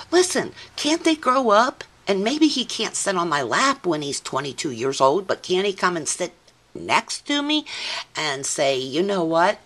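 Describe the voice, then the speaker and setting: An older woman hosting a scrapbooking video, chatting warmly and sentimentally about her layouts and her grandson at home. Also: low-pitched. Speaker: scrapbooking channel host. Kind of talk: casual craft video chat.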